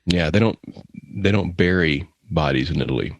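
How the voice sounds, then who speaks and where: A man's voice: sits low, normal speed, no room sound. A man co-hosting a comedy podcast, bantering in a wry, teasing way and laughing often. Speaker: podcast co-host.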